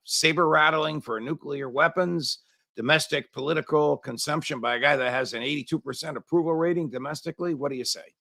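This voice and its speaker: Gravelly, crisp-voiced male host. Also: mid-range voice, bright, forceful tone, no room sound. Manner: probing, pauses with fillers and restarts. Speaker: show host. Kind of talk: interview.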